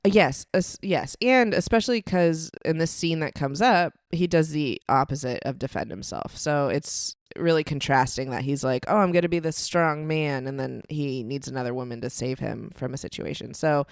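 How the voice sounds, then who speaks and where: A woman with a low, smooth voice co-hosts a podcast, talking through a film in a casual, exasperated way. She is recorded close and dry, with no room sound around her. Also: moderate pace, few pauses, dry recording. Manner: animated, exasperated recapping with quoted lines. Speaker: podcast co-host. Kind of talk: casual chat reviewing a film.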